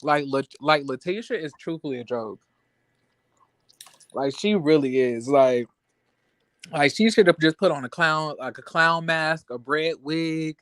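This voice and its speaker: A man's voice: a little high, measured pace, fairly bright tone, no room sound. A man in casual reality TV recap chat, blunt and profane, acting out scenes as he rants. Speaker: co-host.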